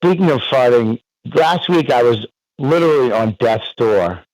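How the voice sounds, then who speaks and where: A man joking on a radio show, telling loud stories and acting out his own quotes. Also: mid-range voice, animated, normal speed, no echo, rough recording. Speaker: guest. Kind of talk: casual radio banter.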